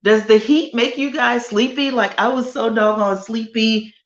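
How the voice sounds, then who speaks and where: A woman hosting a casual live chat with viewers from her home sunroom, animated and chatty with drawn-out emphasis. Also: a little high, roomy sound, highs cut off. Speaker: livestream host.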